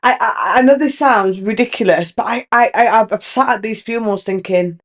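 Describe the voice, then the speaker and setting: A young woman hosting her own podcast talks fairly quickly in a fairly high voice. It's a candid, rambling solo chat full of restarts.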